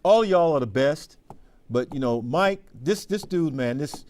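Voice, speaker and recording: A man's voice: on the high side, animated, measured pace. A man chatting on a TV after-show in a laid-back, slangy way, reading out viewer comments. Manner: laid-back, slangy, warm to his co-host. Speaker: sports anchor. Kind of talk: casual on-air chat. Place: TV studio.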